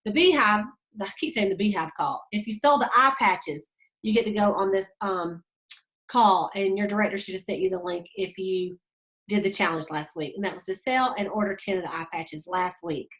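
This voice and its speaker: A woman's voice: medium pitch, normal speed, a bit bright, rough recording. A woman hosting a motivational sales team call, upbeat and folksy, coaching her team. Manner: upbeat, pep-talk, folksy.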